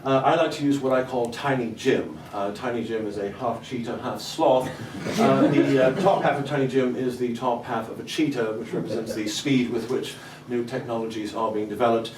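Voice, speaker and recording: A man's voice: medium pitch, fairly even intonation, moderate pace, hardly any pauses, crowd noise, voice pushed down, lightly acted. A man playing an impatient corporate CEO who talks in businesslike stammers. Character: brusque American male corporate CEO. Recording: roomy live club, distant mic, audience laughter.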